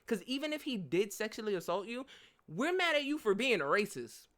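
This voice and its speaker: Young woman, solo podcast talk, dry humor, jumps from low mutters to loud outbursts. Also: very animated, fairly quick. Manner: dry humor, laughing often. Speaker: podcast host. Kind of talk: casual solo commentary.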